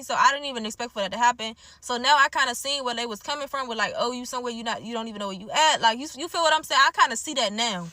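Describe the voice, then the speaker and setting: A woman's voice: high voice, no echo. Blunt young woman with a DMV accent. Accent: DMV African American English. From DMV area, US. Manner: blunt, animated, slangy, frequent "like". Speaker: storyteller. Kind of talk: casual storytime.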